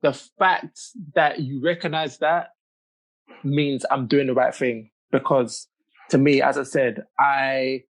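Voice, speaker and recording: A man's voice: mid-range voice, fairly even intonation, takes it slowly. A British man chatting as a podcast guest, laughing easily and restarting his sentences. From United Kingdom. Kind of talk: casual chat.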